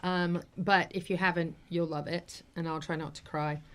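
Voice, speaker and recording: A woman's voice: fairly low pitch, fairly even intonation, moderate pace. A woman hosting a talk show, telling a personal story in an earnest, heartfelt, rambling way with many fillers. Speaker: host.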